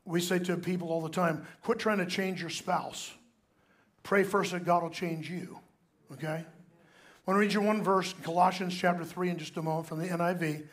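High-voiced older male preacher. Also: fairly even intonation, moderate pace. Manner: storytelling, swings from hushed to loud and emphatic. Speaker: pastor. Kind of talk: sermon.

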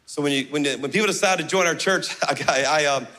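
Passionate high-voiced pastor. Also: male voice, quick pace. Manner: passionate, animated, acting out dialogue. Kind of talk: sermon storytelling.

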